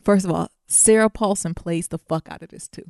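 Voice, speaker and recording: A woman's voice: fairly low pitch, fairly quick, gravelly, dry recording, studio quality. A woman co-hosting a podcast in casual chat, telling stories animatedly and with plenty of cursing. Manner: animated, profane storytelling with acted-out quotes. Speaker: podcast co-host.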